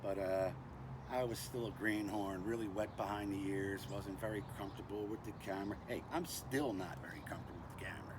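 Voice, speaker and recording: A man's voice: on the low side, brisk. Older guy rambling through a gear review, says uh and anyway a lot, pretty noisy recording. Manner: chatty and self-deprecating, frequent "uh" and "anyway". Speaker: knife review channel host. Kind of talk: casual product review vlog.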